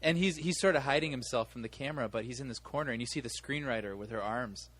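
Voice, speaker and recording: A man's voice: mid-range voice, quick pace, fairly bright tone. A man co-hosting a movie podcast, telling a long story in casual chat with many restarts. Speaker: podcast co-host.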